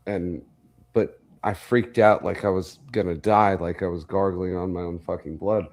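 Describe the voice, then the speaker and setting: A man's voice: deep voice, fairly even intonation, moderate pace, darkish tone. A man in casual chat, telling a long, profane story with energy.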